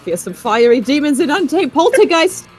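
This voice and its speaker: A melodramatic vampire declaims his woes with grand, theatrical weight, as a woman reads him aloud. The voice sits a little high and swings widely up and down. Soft background music plays behind. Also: very animated, normal speed. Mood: grandiose. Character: brooding melodramatic male vampire. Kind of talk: reading game dialogue aloud.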